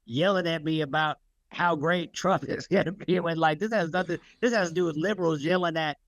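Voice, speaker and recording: A man's voice: fairly high pitch, a little fast. Rambling, swearing man on a podcast. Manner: rambling, swears often, loose and excitable. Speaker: podcast co-host. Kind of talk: casual political chat.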